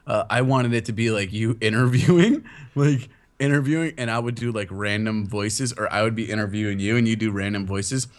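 A man's voice: fairly low pitch, fairly quick. A young man hosting a podcast, joking crudely and laughing often in casual banter. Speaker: podcast host.

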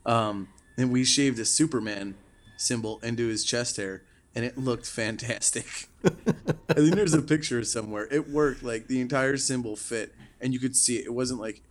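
A man's voice: mid-range voice, moderate pace. Man in his twenties, crude banter. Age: 20s. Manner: loose, crude banter with laughs. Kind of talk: casual chat. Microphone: video call.

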